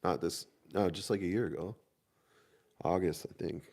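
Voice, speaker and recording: A man's voice: low-pitched, fairly even intonation, normal speed, darkish tone. A man in his thirties from the Midwest, chatting casually as a podcast co-host and telling army stories with frequent laughter. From Minnesota. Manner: laid-back storyteller, laughs often. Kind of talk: casual chat.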